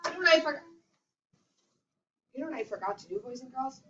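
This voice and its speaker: A woman's voice: high voice, expressive, fast, background noise. A woman teaching a classroom math lesson to young children, leading them in sing-song call-and-response. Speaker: kindergarten teacher. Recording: roomy, distant, dull classroom recording.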